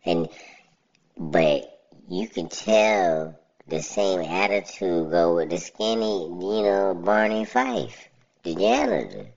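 Very deep, gravelly woman reacting casually. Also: sing-song, takes it slowly, a little mellow, lo-fi sound. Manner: rambling, slangy, laughs often, voice jumps high when ranting. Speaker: reaction video commentator.

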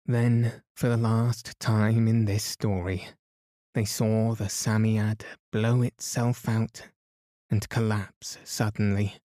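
A man's voice: lowish voice, slow, no room sound, clean studio sound. A man reading a storybook aloud as a soothing bedtime narrator. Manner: soft, soothing, even.

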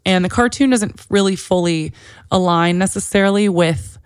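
A woman's voice: lowish voice, moderate pace, clear, resonant tone, no echo, studio quality. A woman in her thirties hosting a podcast, telling a personal story in a chatty, emotionally open way, full of "like" fillers. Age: 30s. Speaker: podcast host.

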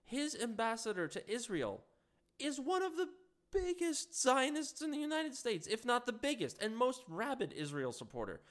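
A man's voice: very high voice, big pitch swings, normal speed, fairly bright tone. A man delivering heated solo political commentary, sarcastic and profane, reacting to what he reads.

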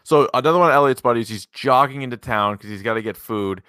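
Bright-voiced man recapping a movie. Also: mid-range voice, fast, no echo, studio quality. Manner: laid-back, swears, laughs often. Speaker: podcast co-host. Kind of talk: casual movie recap chat.

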